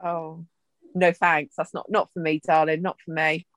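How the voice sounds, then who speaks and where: A woman co-hosting a podcast in casual chat, expressive and full of joking complaints, swearing freely. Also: deep voice, normal speed, no room sound. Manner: expressive, swears freely, jokey exaggerated fear. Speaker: podcast co-host.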